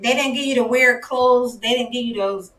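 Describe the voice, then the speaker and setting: A woman hosting a casual live-stream interview, effusive and quick to exclaim. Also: fairly high pitch, background noise. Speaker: host. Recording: echoey room.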